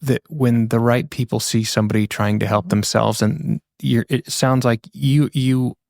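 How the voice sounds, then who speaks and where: A man hosts a podcast, reflecting on what his guest has shared and summing it up in his own words. His voice has a gravelly texture, and the sound is close and dry. He speaks in a conversational way and affirms what he hears. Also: medium pitch, fairly even intonation, normal speed, darkish tone, dry recording. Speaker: podcast host. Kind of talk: conversational interviewing.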